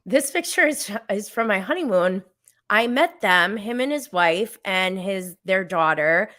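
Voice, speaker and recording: A woman's voice: medium pitch, lively intonation, measured pace, sharp tone, no room sound, studio quality. A woman in her thirties hosting a podcast, chatting casually and rambling with fillers and self-aware asides. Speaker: podcast host. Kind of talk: casual solo recap chat.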